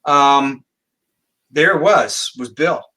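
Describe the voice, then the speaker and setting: A man's voice: a little high, extremely slow, bright, forceful tone. A man telling a long personal story as a guest in a podcast interview, acting out quoted dialogue. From Canada. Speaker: guest psychic.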